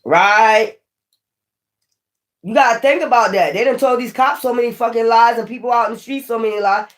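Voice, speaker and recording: A woman's voice: fairly high pitch, normal speed. Blunt, cursing woman reading tarot. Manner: blunt, profane and emphatic; warning the viewer, repeating herself. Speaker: tarot reader. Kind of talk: casual spoken tarot reading.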